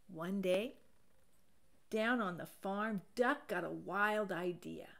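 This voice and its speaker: A woman reading a children's picture book aloud, animated and expressive. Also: medium pitch, takes it slowly, creaky. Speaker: storybook reader.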